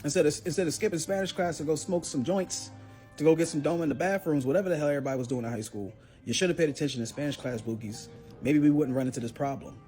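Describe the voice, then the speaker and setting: Fast-talking, teasing man. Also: fairly high pitch, warm tone, soft background music. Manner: joking, teasing. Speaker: commentator. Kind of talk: opinion video.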